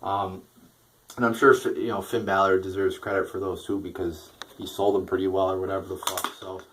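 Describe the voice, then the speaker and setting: A man's voice: sits low, level tone, a little fast, noisy background. Profane, rambling young man reviewing wrestling. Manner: profane, rambling with fillers and restarts. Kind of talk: casual spoken review.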